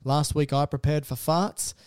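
A playful male podcast co-host with a mellow, warm tone and a slightly high voice. He's recorded dry and close. His talk is loose banter, and he laughs easily. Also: fairly even intonation, unhurried, smooth, dry recording.

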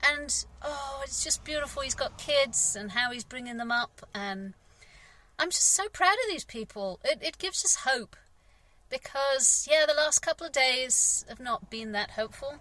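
A woman's voice: sits high, lively intonation, unhurried, pushed and bright, poor audio. An English woman, a gardener, talking candidly in a rambling vlog monologue, sighing and frustrated. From England. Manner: rambling, candid, frustrated, frequent sighs and fillers.

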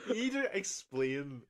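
A young man, co-hosting a casual podcast and telling stories with lots of laughter. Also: fairly high pitch. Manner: animated, laughing storyteller. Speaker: podcast co-host. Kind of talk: casual chat. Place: indoor room with co-host.

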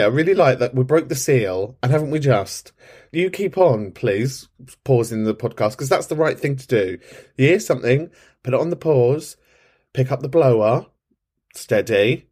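A man's voice: darkish tone, husky. A man hosting a podcast, chatting casually and cheekily in response to listeners' voice notes, camp and sweary. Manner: camp, cheeky and sweary, with big swoops in pitch. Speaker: podcast host.

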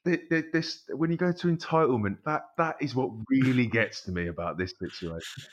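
A man co-hosting a casual football podcast, talking in a halting way with many ums. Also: mid-range voice. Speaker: podcast co-host. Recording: dull lo-fi sound.

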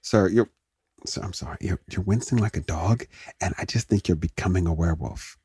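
A man's voice: deep voice, fairly quick, warm tone, husky, dry recording, clean studio sound, pitched below the performer's own voice. A man voicing a polite bystander who hesitantly asks a stranger whether he is turning into a werewolf. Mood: suspicious.

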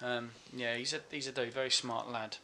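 A man's voice: mid-range voice, level tone, fairly quick, a crowd in the background. A man co-hosting a podcast, jokey and teasing in casual chat, also reading the sign-off. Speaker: podcast co-host.

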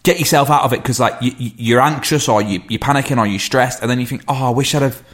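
A man's voice: mid-range voice, fast, fairly bright tone. A man co-hosting a podcast, chatty and teasing, asking his friends questions in casual talk. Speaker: podcast co-host. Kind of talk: casual chat.

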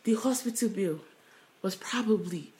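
A woman co-hosting a podcast in casual chat, swinging into loud mock rants. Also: mid-range voice, normal speed. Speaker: podcast co-host. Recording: echoey room.

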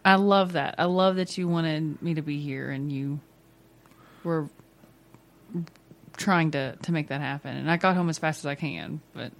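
Low-voiced mom chatting about family stuff, laughs a lot, easygoing. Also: female voice, unhurried, pauses often. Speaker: mother. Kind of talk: casual chat.

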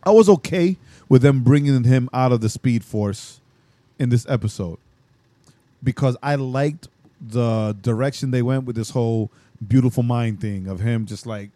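A man co-hosting a podcast in casual chat, jokey and quick to riff and finish the other's sentences. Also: medium pitch, warm tone, no echo. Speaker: podcast co-host.

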